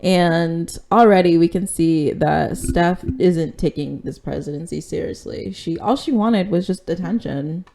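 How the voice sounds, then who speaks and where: A woman's voice: lowish voice, measured pace, vocal fry, few pauses, dark tone, slight background noise. A woman hosting a podcast in casual chat, candid and chatty, with plenty of "like" and "um" and the odd casual swear. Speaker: podcast host recapping an episode.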